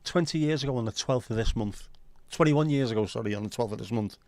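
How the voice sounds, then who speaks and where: A fast-talking man with a slightly mellow, mid-range voice hosts a casual livestream, swearing a lot as he banters and reads viewer comments. The recording is dry.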